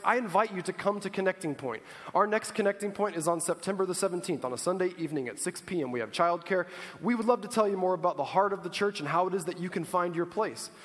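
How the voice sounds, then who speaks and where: A man with a high, ringing voice preaches a sermon, pressing each point with emphasis and calling out to his congregation for answers. His words trail off into a long reverb from the church hall around him. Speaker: pastor.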